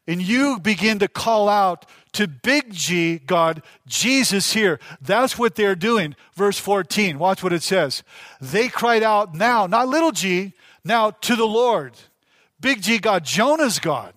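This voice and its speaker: A pastor delivers a sermon in a fairly high-pitched male voice, pressing his points with emphasis and repeating key lines straight to the congregation. The sound is dry and close, with little room echo. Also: lively intonation, slow, a bit bright. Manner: emphatic preaching, repeats key phrases, addresses congregation directly.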